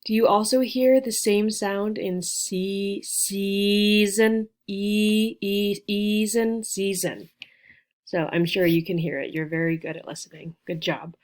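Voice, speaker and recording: Lady teaching esl, super slow and patient, sounds out each letter. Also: mid-range voice, fairly even intonation, darkish tone. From United States. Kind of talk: beginner vocabulary lesson.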